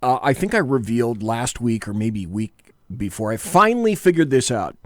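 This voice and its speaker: A man's voice: medium pitch, big pitch swings, normal speed, dry recording. A man co-hosting a casual political talk show from a small studio, rambling and jokey, often correcting himself. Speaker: podcast co-host.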